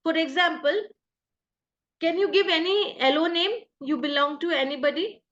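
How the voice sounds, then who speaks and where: High-voiced Indian woman leading an online workshop. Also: moderate pace, fairly bright tone, lo-fi sound. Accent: Indian English. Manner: patient, explains step by step with examples. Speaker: workshop trainer. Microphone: video call.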